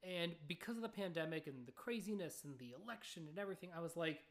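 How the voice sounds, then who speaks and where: A young woman with a slightly low voice chats alone on her podcast. She rambles easily from one thought to the next, dropping fillers and little asides to her listeners as she goes. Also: animated, fast. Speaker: podcast host. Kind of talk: casual solo podcast chat.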